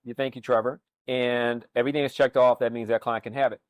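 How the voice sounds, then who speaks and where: With a medium-pitched voice and a quick pace, a man runs a cooking demonstration as a chef, chatting easily and stumbling through many fillers and restarts. There's no echo.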